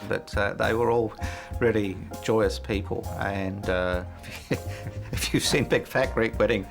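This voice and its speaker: Gravelly low-voiced man telling his story. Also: fairly even intonation, unhurried, over music. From New Zealand. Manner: gravelly, hesitant with many fillers, chuckles often. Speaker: interview guest. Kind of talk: reflective personal storytelling.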